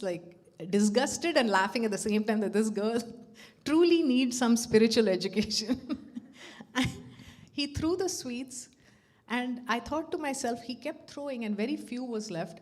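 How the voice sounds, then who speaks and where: A middle-aged woman sharing a personal devotional story, animated and laughing as she acts out the dialogue. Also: fairly high pitch. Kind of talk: personal testimony at a devotional gathering.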